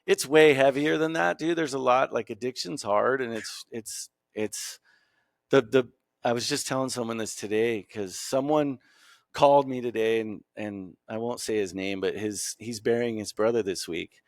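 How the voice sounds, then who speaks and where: A man's voice: mid-range voice, moderate pace, no echo, clean studio sound. A man talking in a casual podcast conversation, emotional and rambling, calling the host "dude". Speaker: guest artist.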